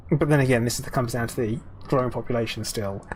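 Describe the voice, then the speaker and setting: A man's voice: medium pitch, quick pace, slight background noise. Rambling British man chatting on stream. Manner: rambling, many ums and restarts. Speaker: game streamer. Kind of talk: casual live-stream chat with viewers.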